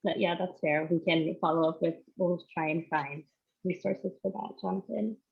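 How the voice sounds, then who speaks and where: A woman's voice: lowish voice, moderate pace, gravelly, muffled recording. A woman moderating a live online conversation, politely reading out questions from the audience.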